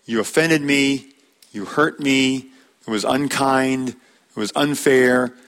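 A man preaching a sermon in a plain, conversational teaching voice, quoting scripture with slow, emphatic phrasing. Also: mid-range voice, fairly bright tone.

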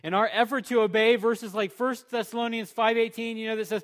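A male pastor with a high voice delivers a sermon. He is emphatic, swinging from loud, punchy lines to quiet, low ones. He slows right down to lean on key words. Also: level tone.

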